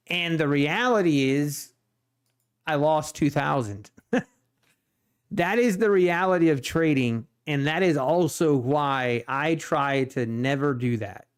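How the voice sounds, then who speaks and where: A man's voice: fairly high pitch, a little slow, clear, resonant tone. A man in his thirties with a Pennsylvania Dutch accent, rambling and thinking aloud while commenting on his live trading. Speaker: day trader streamer.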